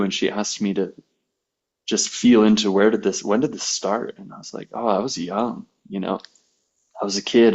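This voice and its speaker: A man's voice: sits low, darkish tone, highs cut off. A man telling a personal story in casual conversation, acting out quoted dialogue as he goes. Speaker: podcast guest, massage therapist.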